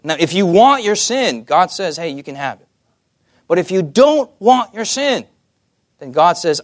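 A man delivers a sermon with a slightly raised pitch, asking the room for amens and slipping in jokey asides. The recording is dry and close, with no room echo. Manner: lively, asks the audience "amen?" often, jokey asides. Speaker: preacher.

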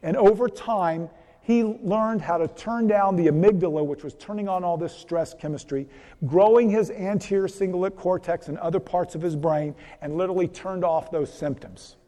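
High-voiced man speaking in a reverberant hall. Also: normal speed, warm tone. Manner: folksy, repetitive, asks the audience questions. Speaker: physician giving a church health seminar. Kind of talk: conversational seminar talk with storytelling.

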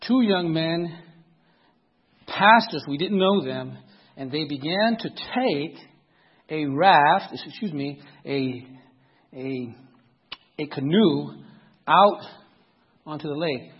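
A man's voice: fairly high pitch, animated, slow pace, long pauses, breathy edge. Middle-aged guy preaching, telling a story all dramatic, keeps asking if you're following, dull lo-fi sound. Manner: dramatic storyteller who checks in with the listeners. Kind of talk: storytelling sermon.

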